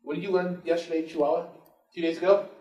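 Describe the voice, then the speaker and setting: A man leads a real estate workshop in front of a live audience. He tells stories casually and acts out what people said, in a slightly high voice. He sounds roomy and echoey, picked up from across the room. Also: fairly even intonation, fast, mellow. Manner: casual storytelling, acts out dialogue. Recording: echoey room recorded from far off.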